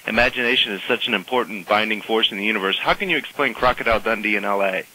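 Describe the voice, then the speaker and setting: A man's voice: lowish voice, very fast, bright, forceful tone, poor audio. A man calling into a radio show as a prank caller, chatty and casual with filler words. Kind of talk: prank call.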